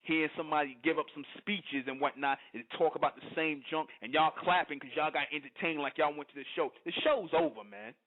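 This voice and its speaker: A man hosting a radio broadcast, preaching to his listeners in a forceful, emphatic monologue and often stopping to ask "you understand?". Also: on the high side, brisk, creaky, hardly any pauses. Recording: narrow phone-like radio audio.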